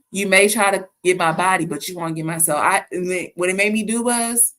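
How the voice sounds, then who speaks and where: A woman from the American South hosting a casual faith talk, telling stories in an animated way with frequent restarts. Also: lowish voice. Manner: animated storytelling with laughs and restarts. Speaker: host.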